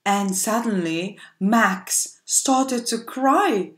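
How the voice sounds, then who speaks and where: A woman teaching a phonics lesson to small children, drawing out letter sounds and telling a gentle story. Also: mid-range voice, extremely slow, echoey room. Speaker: preschool teacher.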